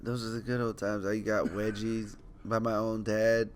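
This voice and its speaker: A man's voice: on the low side, level tone, normal speed, crowd noise. A young man co-hosting a podcast, casually telling profane stories, acting out quotes and laughing often. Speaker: podcast co-host. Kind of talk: casual chat.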